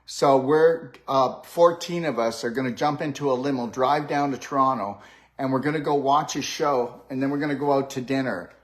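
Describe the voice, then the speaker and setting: An older man, a host and health practitioner, runs a live-stream conversation with a guest. His medium-pitched voice moves at normal speed as he coaches upbeat and keeps checking in with "okay? all right?"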